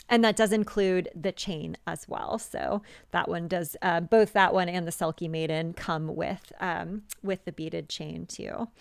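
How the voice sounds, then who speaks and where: A woman's voice: lowish voice, creaky, clean tone, no room sound, clean studio sound. A young adult woman casually presenting her handmade jewelry on a live sales stream, chatty and full of ums and likes. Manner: chatty, many ums and likes, gushing about pieces. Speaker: jewelry designer selling on a live show.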